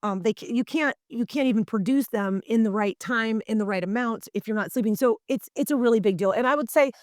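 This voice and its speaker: A woman's voice: fairly high pitch, brisk, darkish tone, no room sound, clean studio sound. A woman co-hosting a health podcast in a casual, earnest way, speaking straight to her listeners. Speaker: podcast co-host.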